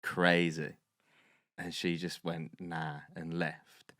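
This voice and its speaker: A young man, co-hosting a podcast, telling a story casually and animatedly, swearing and loudly acting out quotes. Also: low-pitched, monotone, takes it slowly, dry recording, clean studio sound. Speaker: podcast co-host.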